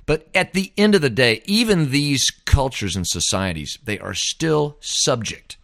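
A man's voice: mid-range voice, animated, measured pace, vocal fry, a bit bright, no echo, clean studio sound. A man hosting a podcast, rambling in a folksy, casual way, often tossing in "man". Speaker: podcast host. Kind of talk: casual monologue.

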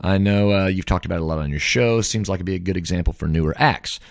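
A podcast host delivers a rambling, folksy monologue, frequently tossing in "man." His voice is low-pitched and fast with vocal fry, recorded in studio quality with no echo.

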